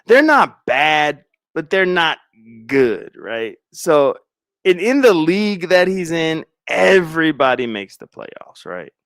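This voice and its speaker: A middle-aged man chats casually to his stream, drawing out a dramatic story with slangy asides and lots of laughter. His delivery is unhurried, with a slightly high voice that swings widely in pitch. The sound is close and dry. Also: big pitch swings, a bit bright, no room sound. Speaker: livestreaming content creator. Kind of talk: casual livestream chat.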